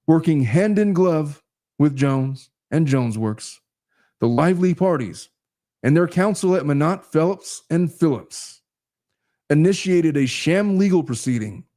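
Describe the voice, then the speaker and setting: Male host, measured reader of court documents, warm mellow voice, casual asides. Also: a little high. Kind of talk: reading a legal complaint aloud with commentary.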